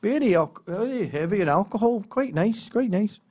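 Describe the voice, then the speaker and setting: An earnest Glaswegian uncle who speaks in measured, matter-of-fact verdicts, as a man puts him on. The voice sits noticeably higher than ordinary talk, with a lilt and a lively, rising delivery.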